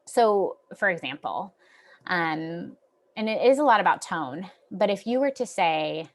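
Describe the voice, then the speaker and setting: A young adult woman therapist giving an informal wellness talk, gentle and reassuring, with frequent ums and restarts. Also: mid-range voice, expressive, normal speed. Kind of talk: informal lecture.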